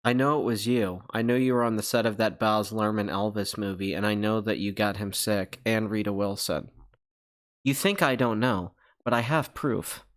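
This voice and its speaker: A man hosting a casual livestream, rambling through chat questions with profane joking accusations. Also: on the low side. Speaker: channel host.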